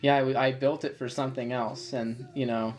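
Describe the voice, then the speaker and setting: A man in his thirties co-hosting a casual video commentary, chatty and quick to laugh. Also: medium pitch, flat delivery, faint music behind. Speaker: co-host and video creator.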